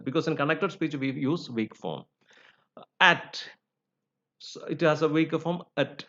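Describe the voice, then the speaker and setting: A man teaching English phonetics in a lecture, explaining slowly with frequent "you know" fillers and spoken examples. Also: a little high. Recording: dull lo-fi recording.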